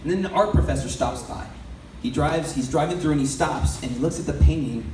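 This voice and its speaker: A man tells a sermon-like story to an audience in a loose, conversational way, frequently putting questions to the crowd. His voice is a little high, fairly quick and darkish in tone. The hall is echoey, the mic is far off, and there's faint background noise.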